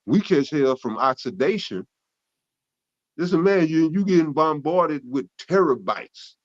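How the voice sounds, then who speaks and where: A man's voice: a little high, animated, measured pace, dull audio. Loose-talking man teaching scripture. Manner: loose, conversational, with frequent restarts and profanity. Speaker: Bible teacher. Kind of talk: casual spoken Bible teaching.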